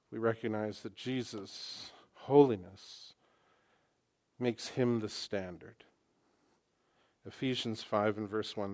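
A man preaching a sermon to his congregation, impassioned and full of rhetorical questions, swinging from loud to hushed. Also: lowish voice. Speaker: pastor. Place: church sanctuary.

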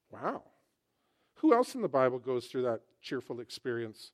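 A man's voice: mid-range voice, fast. A man preaching a sermon to a congregation, conversational and humorous, telling stories with rising emphasis. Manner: conversational, animated storytelling with humor. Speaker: pastor.

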